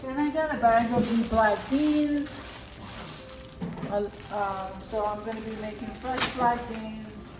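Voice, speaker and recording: With a voice on the high side and a slow delivery, a middle-aged woman casually walks through her grocery haul at home for a vlog, occasionally mid-bite. The room echoes, the mic sits far away, and background noise comes through clearly.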